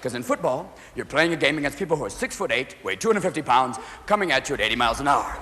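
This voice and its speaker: A man's voice: medium pitch, sing-song, fast talker, pushed and bright. A man performing a manic stand-up comedy set, jumping between silly voices in front of a live audience. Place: large venue with a live audience. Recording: live concert recording with crowd noise. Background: audience laughter.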